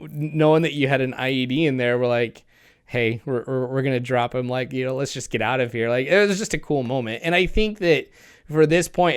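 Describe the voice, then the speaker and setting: Smooth-voiced man chatting enthusiastically. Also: mid-range voice, dry recording, studio quality. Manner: enthusiastic, rambling with restarts and laughs. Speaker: guest. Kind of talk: casual podcast chat.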